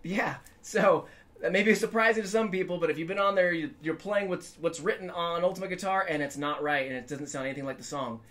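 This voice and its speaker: This guitar teacher's voice is high-pitched, a bit bright, and brisk. His lesson stays chatty and upbeat, with him singing scales here and there as a demonstration.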